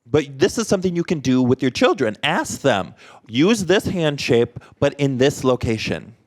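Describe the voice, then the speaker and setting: A man's voice: mid-range voice, very animated, moderate pace. A man voicing a presenter at an interactive workshop, quizzing the audience with short prompts and questions.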